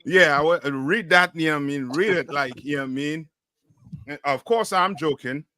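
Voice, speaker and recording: Brief: man, class leader, bright forceful tone, questioning call-and-response, dry sound. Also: on the high side, moderate pace, dry recording. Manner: questioning, repeats "you know what I mean". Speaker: class teacher.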